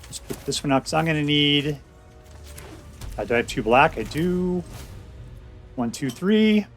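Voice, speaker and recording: A man's voice: on the high side, animated, moderate pace, a bit bright, faint music behind. A man giving casual commentary on a card game he is playing, counting cards aloud under his breath and making wry, sarcastic remarks to himself.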